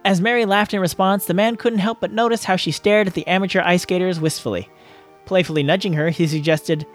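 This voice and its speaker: A man's voice: sits high, fairly even intonation, fairly quick, faint music behind. Man narrating a storybook chapter. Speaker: guest reader. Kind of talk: audiobook reading of a novel chapter.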